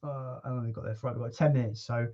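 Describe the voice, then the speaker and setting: A man hosting a casual livestream chat, relaxed and chatty, with casual swearing. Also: mid-range voice, fast, lo-fi sound. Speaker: livestream host.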